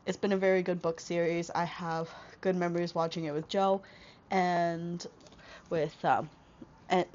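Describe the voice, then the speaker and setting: Young woman, congested from a cold, casual rambling vlog chat, slightly low voice, dull lo-fi sound with faint noise. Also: a little mellow. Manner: chatty, rambling with many fillers and restarts. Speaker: vlogger. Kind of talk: casual book haul vlog. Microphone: small wireless clip-on mic.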